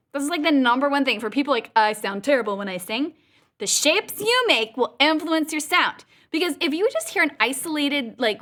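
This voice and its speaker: A woman's voice: fairly high pitch, fairly bright tone. A woman teaching a live online singing lesson, upbeat and playful, showing exercises with sung sounds over a video call. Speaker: vocal coach.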